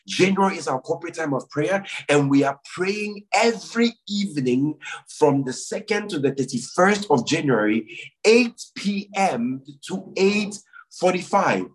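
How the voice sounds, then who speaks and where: A man's voice: on the high side, animated, unhurried, husky, rough recording. A man pastor leading prayer and giving church announcements, earnest and repeating phrases for emphasis.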